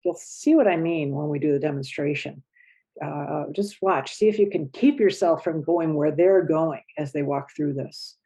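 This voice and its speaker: A woman relationship coach explaining a skill to an audience in a gentle, reflective way, acting out feelings with groans. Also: deep voice, normal speed, husky. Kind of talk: teaching talk to an audience.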